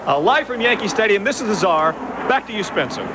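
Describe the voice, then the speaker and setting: A male sports reporter giving a quick, wry live report from outdoors at a stadium. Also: high voice, lively intonation. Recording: 1980s TV with faint outdoor noise.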